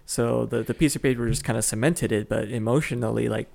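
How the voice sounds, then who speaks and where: A man's voice: medium pitch, steady tone, fast, creaky, darkish tone. A man co-hosting a casual podcast chat, easygoing and full of fillers like "like" and "uh". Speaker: podcast co-host.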